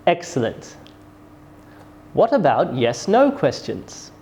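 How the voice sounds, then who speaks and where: This pronunciation teacher speaks at a slow pace in a medium-pitched, sing-song, slightly mellow voice. In a scripted English lesson, they model sentences with careful, exaggerated rises and falls.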